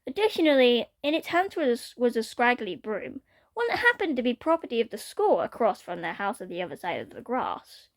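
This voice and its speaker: A woman reading a fan-written story aloud in an expressive way. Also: fairly high pitch, brisk.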